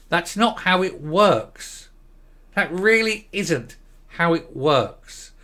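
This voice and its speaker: A man's voice: on the high side, pushed and bright. An older man hosting an opinion commentary show, talking in a sarcastic, combative and scornful way. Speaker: commentary host.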